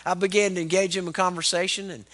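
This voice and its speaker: Fervent high-voiced preacher man. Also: flat delivery, fast, fairly bright tone. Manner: fervent preaching with call-and-response "Amen?". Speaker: pastor. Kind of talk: sermon.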